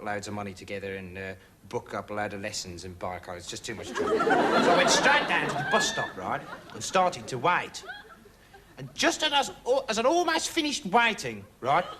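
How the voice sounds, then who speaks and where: An actor playing a rambling, dim young male amateur investigator in a comic monologue, meandering and deadpan, full of filler words. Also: a little high. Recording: TV studio audience laughter, noisy.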